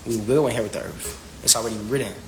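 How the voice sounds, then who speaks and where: A young man rants about spirituality in a rapid, preachy stream. He repeats himself and peppers the talk with slang and "you feel me?", at a middle pitch. Faint ambience sits behind him. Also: steady tone, darkish tone, slight background noise, low-quality recording. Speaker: vlogger. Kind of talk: spiritual rant.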